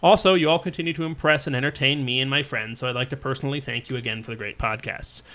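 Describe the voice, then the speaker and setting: Bright-voiced man chatting loosely. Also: medium pitch, steady tone, fast talker. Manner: rambling, many fillers and restarts. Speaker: podcast co-host. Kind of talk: casual chat.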